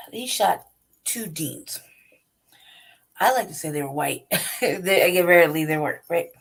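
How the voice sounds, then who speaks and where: A woman's voice: lowish voice, husky. A woman hosting her own channel, ranting bluntly and profanely in a commentary monologue, laughing between points and asking "right?". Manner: talks straight to the listener with repeated "right?". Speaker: channel host.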